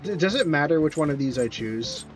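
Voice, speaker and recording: Rambling man streamer, lively voice. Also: a little high, fairly quick, soft background music, rough recording. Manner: rambling, self-correcting, answers chat questions. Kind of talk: casual chat while streaming a game.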